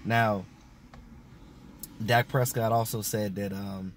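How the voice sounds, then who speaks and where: A man's voice: fairly low pitch, steady tone, takes it slowly, a little hiss or hum. A man talks casually through his reaction to a football interview. He rambles, restarts his sentences and leans on plenty of fillers, like a fan vlogging to camera.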